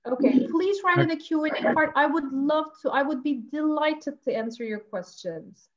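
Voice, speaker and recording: A woman teacher trainer giving a lively, emotional webinar presentation and answering audience questions over a video call. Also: high-pitched, normal speed, highs cut off. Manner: animated and emotional, warmly addresses the audience. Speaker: teacher trainer presenting at an online education conference.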